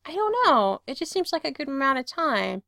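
A woman voicing an earnest grown man in a read-aloud story, speaking quietly and evenly. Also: very high-pitched, gravelly, no echo, studio quality, pitched above the performer's own voice, full character voice. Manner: quiet, measured, even. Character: adult man, recovering addict, earnest.

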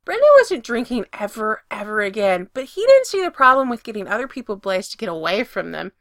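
A woman narrating a story with a lively, expressive delivery that swells when the action heats up. Her voice is bright and a little high, and the recording is dry and close, with no room sound. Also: brisk, dry recording. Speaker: reader.

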